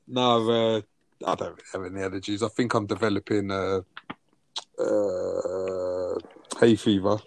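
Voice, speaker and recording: A man's voice: sits low, steady tone, measured pace, creaky, dry recording. A man co-hosting a podcast, chatting casually and teasing his co-host. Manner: banter, swearing, teasing. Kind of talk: casual chat.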